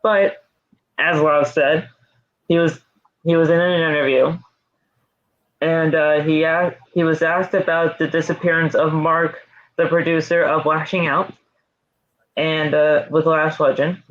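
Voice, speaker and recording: Fairly high-voiced male podcast host, rambling casual recap, muffled lo-fi audio. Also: level tone, unhurried, long pauses, a bit bright. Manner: rambling recap with fillers and restarts. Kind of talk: casual wrestling podcast chat.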